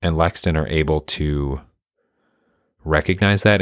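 A man with a remarkably low, deep voice, speaking slowly and thoughtfully in casual conversation. He pauses to search for words and sounds earnest. The recording is dry and close-miked. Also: no echo.

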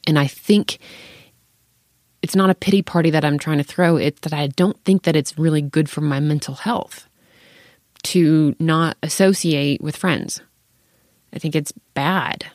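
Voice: mid-range voice, a little slow, no room sound, studio quality. A parent in their thirties in candid casual chat, open and frank, swearing freely and laughing between thoughts.

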